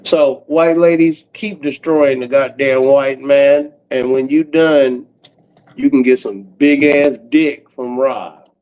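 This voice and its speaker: A man in his forties doing a profane comedic rant on a livestream, breaking into cackles and swinging from loud outbursts to low mutters. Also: steady tone, takes it slowly, rough recording. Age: 40s.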